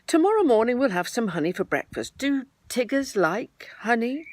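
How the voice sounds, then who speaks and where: A woman voicing a gentle, kindly young male bear, talking mildly. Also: a little high, wildly swooping pitch, fast talker, no echo, pitched above the performer's own voice.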